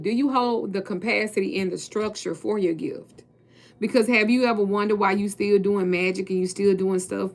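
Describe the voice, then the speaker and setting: A woman tarot reader and spiritual coach speaking casually and bluntly to her viewers, preaching and swearing freely. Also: mid-range voice.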